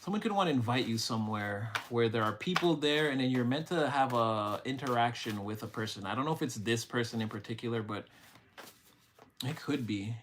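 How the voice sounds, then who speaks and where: A young man reads tarot live to his viewers in a loose, rambling way, cursing casually and getting openly emotional as he goes. His voice sits at an everyday middle pitch. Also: a little fast, a bit bright, slight background noise. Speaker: tarot reader. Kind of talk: live-streamed tarot reading.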